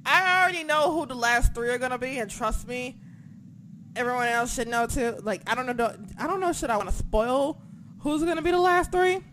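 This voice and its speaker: A podcast co-host in a casual recap chat, who talks excitably, swears a lot and acts out their own reactions. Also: high-pitched, brisk, noisy background.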